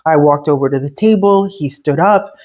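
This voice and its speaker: A woman's voice: sits low, normal speed, warm tone. A woman speaking in a candid, emphatic and conversational way, telling a personal story as she shares a life lesson.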